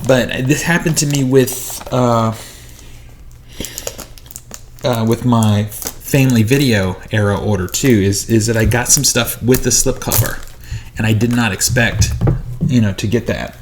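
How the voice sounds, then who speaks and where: A man in a small home studio talks through a movie haul in a loose, rambling way, chatting at viewers as he unboxes his purchases. His voice sits at a middle pitch. A soft hiss of noise stays underneath. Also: moderate pace. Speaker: movie collector vlogger. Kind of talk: casual haul vlog.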